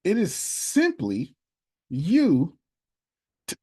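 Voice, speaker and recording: A man's high, mellow, slightly rough voice swoops wildly in pitch as he talks very slowly. He's a motivational speaker and business coach running an animated live video-call session, preaching emphatically to the group with casual grammar and repeated points.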